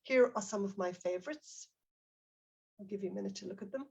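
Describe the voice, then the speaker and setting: A woman's voice: medium pitch, fairly quick, creaky, darkish tone, husky, highs cut off. A middle-aged woman presenting a teacher-training webinar, explaining examples and reading out participants' chat comments.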